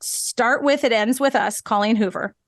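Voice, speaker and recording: A woman's voice: a little high, moderate pace, no room sound, clean studio sound. A woman co-hosting a podcast in casual chat, bubbly and teasing, swearing freely. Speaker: podcast co-host.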